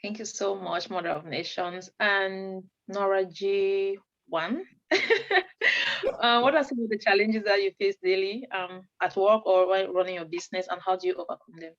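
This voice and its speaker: A woman moderating a panel over a video call, warm and encouraging. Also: medium pitch, normal speed. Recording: dull lo-fi call audio.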